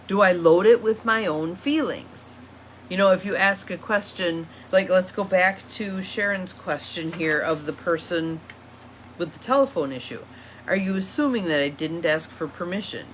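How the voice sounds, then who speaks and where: Low-voiced woman coaching in a casual monologue. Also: moderate pace, slight background noise. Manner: reflective, reads questions aloud and repeats them. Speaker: empowerment coach.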